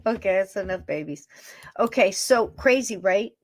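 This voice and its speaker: A woman's voice: medium pitch, animated, moderate pace, a little hiss or hum. Chatty, affectionate woman podcast host. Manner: chatty and affectionate, rambling, laughs often. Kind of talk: casual chat, talking to her pets on camera.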